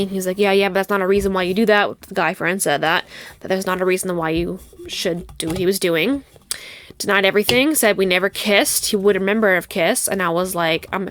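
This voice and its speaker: A woman's voice: medium pitch, a bit bright, no echo, clean studio sound. A young adult woman hosting a podcast, retelling a personal drama in a heated, profane, indignant way. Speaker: podcast host. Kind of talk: casual storytelling monologue.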